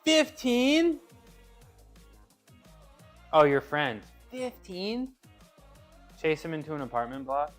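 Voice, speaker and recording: A man's voice: on the high side, fairly even intonation, fast, hardly any pauses, faint music behind. Chatty man streaming his workout. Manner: chatty, laughs easily, restarts phrases. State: working out. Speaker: streamer reading chat. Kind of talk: casual live-stream chat.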